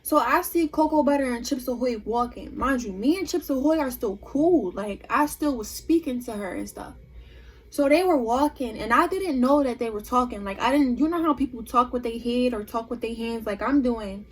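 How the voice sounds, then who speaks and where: A young woman vlogger telling a storytime tale in an animated, emphatic way. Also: on the high side, normal speed, husky. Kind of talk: storytime vlog.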